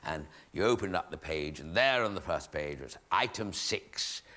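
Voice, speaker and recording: A man's voice: low voice, expressive, moderate pace, sharp tone. A man in his sixties, a comedian telling rambling stage anecdotes with chatty asides and hesitations to a live audience. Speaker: comedian host.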